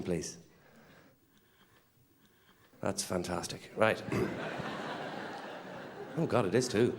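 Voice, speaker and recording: A man's voice: low-pitched, drawn-out words, pauses often. A man doing a playful stand-up routine to a live audience. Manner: playful, sings mock song snippets. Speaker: stand-up comedian. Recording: live set with crowd and noise.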